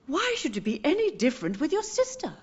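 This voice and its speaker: A woman voicing a grieving elderly mother in a game, speaking softly and tenderly, with a gentle, sorrowful manner. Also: high-pitched, huge pitch swings, quick pace, dull audio, a little hiss or hum. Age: older. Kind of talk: game voice acting.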